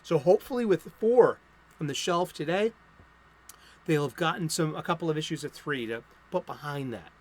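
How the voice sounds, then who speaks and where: A man's voice: fairly high pitch, lively intonation, moderate pace. A man hosting a casual comic book stream, rambling through new releases and breaking into profane, angry rants. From United States. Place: home studio.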